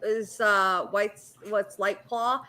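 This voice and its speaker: Middle-aged woman, bright tone, blunt, swears freely, casual stream host. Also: medium pitch, fairly even intonation, slow. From United States. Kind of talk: casual chat.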